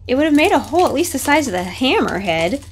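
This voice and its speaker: A woman's voice: high-pitched, sing-song, fast talker, husky. A young woman commenting on a horror game, jumpy and nervous, swearing and talking herself through scares. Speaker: gaming streamer.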